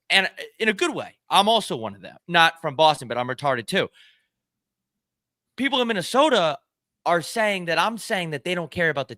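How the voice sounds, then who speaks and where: A man's voice: fairly high pitch, sharp tone, dry recording. A man co-hosting a casual podcast, ranting in a fired-up, profane way. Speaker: podcast co-host. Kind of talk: casual chat.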